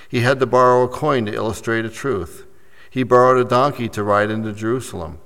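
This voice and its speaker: A man preaching a sermon as pastor, rising to emphatic points and dropping softly after them. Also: mid-range voice, steady tone, brisk. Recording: long reverb of a large hall.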